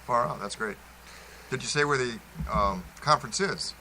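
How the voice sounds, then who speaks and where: A man's voice: mid-range voice, moderate pace, bright, forceful tone, a little hiss or hum, rough recording. A man co-hosting a casual podcast, easygoing and a little unsure of details. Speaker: podcast co-host.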